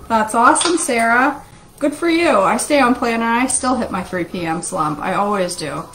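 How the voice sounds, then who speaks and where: A woman's voice: fairly high pitch, moderate pace. A middle-aged woman, joking and chatting with viewers while she makes a shake in her home kitchen. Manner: chatty, jokey, talks to viewers while cooking. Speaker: vlog host making a shake. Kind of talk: casual live-stream chat. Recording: home kitchen recording with clear background noise.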